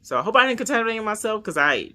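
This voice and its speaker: A woman with a bright, forceful voice talks through a casual personal vlog. She sounds stressed and anxious, rambling on and sinking at times to soft near-whispers. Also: medium pitch, very animated, quick pace. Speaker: vlogger.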